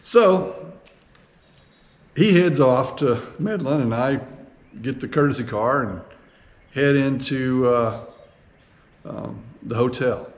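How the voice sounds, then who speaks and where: A man's voice: medium pitch, slow pace, pauses often. Chatty man telling a travel story. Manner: chatty, animated, plenty of fillers and restarts. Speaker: vlog host and private pilot. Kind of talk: casual storytelling.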